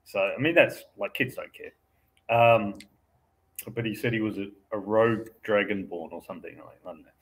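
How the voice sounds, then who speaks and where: A man's voice: lowish voice, normal speed, fairly bright tone. A man in casual chat, rambling with many fillers and chuckling as he talks.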